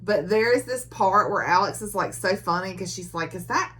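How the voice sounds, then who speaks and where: A woman's voice: mid-range voice, moderate pace, a bit bright. A woman giving a casual book recap, chatty and full of filler words, laughing often as she retells the story. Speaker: book reviewer.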